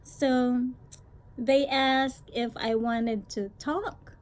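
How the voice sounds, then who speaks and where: A woman with a Filipino accent telling a personal story in a vlog, mixing in a second language and often clearing her throat. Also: a little high, fairly even intonation, extremely slow. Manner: switches between English and Cebuano, frequent throat clearing. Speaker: vlogger.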